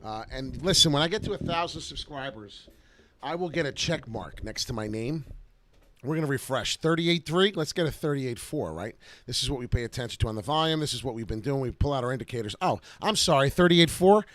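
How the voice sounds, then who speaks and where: A man hosting a casual live stream about crypto charts, talking in an excitable, rambling way. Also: medium pitch, a little fast, dry recording.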